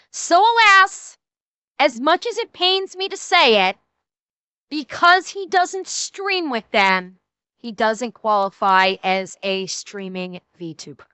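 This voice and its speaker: A young woman streamer giving profane, excitable reaction commentary, rambling with restarts. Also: on the high side, clean tone, dry recording. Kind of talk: casual livestream reaction commentary.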